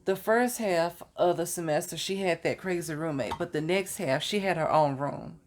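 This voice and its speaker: A woman's voice: on the low side, moderate pace, a little hiss or hum. A young adult woman telling stories from her college years in a casual, chatty way, now and then laughing at her own story. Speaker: vlogger.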